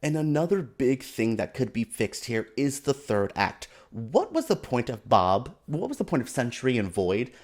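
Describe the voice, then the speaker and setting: A man giving a casual, animated and exasperated opinion rant as a film commentator, with sarcastic asides. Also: medium pitch, normal speed, few pauses.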